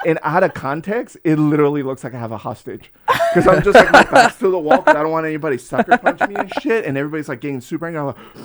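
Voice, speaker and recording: Appearing as a guest on a podcast, a man in his forties tells stories casually in a fairly high voice at a fast clip. He's animated and swears often, acting out the voices of the people in his tales.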